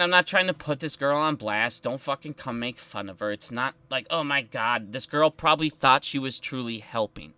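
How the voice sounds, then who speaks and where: Male live streamer, fired-up and swearing constantly, with a forceful voice in a dry room. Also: fairly high pitch, dry recording. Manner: heated, profane and emphatic. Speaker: stock market live streamer.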